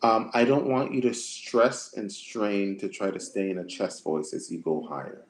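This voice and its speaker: A man coaching singers on a livestream, answering chat questions in a relaxed, conversational way that often repeats itself. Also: on the low side, normal speed. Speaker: vocal coach.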